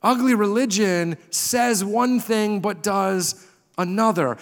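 High-voiced pastor preaching in a hall. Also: male voice, fairly bright tone. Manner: emphatic preaching with rhetorical repetition. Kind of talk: sermon. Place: church sanctuary. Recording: reverberant hall.

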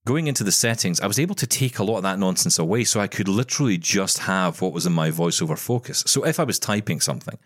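A man's voice: low-pitched, lively intonation, fast talker, hardly any pauses, dry recording, clean studio sound. A man co-hosting a podcast, chatting casually and telling stories with jokey asides. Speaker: podcast co-host. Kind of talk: casual chat.

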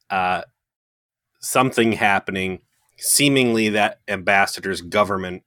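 A man's voice: lowish voice, sharp tone, dry recording, clean studio sound. A man co-hosting a podcast, giving wry, opinionated takes in casual chat and swearing freely. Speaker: podcast co-host.

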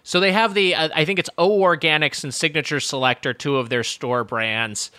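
A man co-hosting a podcast in casual chat, inquisitive and quick to banter. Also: fairly high pitch, fairly even intonation, pushed and bright, clear, resonant tone, no echo. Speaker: podcast co-host.

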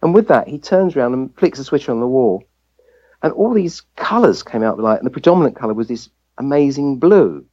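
A man's voice: mid-range voice, lively intonation, fairly quick, darkish tone, slightly rough, lo-fi sound. An English man, a family physician, telling a personal story as a guest in an interview, and acting out the voices he quotes. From England.

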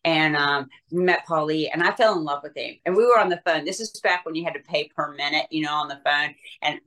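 A woman's voice: low-pitched, brisk. An older woman with a Southern US accent, a guest in a casual interview, telling gossipy stories and quoting people as she goes. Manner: storytelling, gossipy, animated quoting. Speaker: interview guest, veteran wrestling personality.

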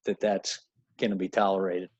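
A man's voice: sits low, little pitch movement, darkish tone, highs cut off. A man co-hosting a podcast, bantering casually and laughing easily. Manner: quick to laugh, jokey banter. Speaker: podcast co-host. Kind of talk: casual chat.

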